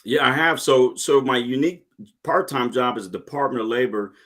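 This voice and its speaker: Middle-aged guy, ex-marine, talks earnest and animated, trips over his words and restarts a lot, mid-pitched voice. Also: normal speed. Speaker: guest, retired Marine and podcast host. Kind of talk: casual interview chat.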